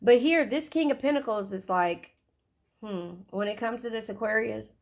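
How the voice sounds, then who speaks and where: A woman's voice: on the high side, moderate pace. A woman giving a casual tarot reading, chatty and swearing, often repeating her phrases. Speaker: tarot reader.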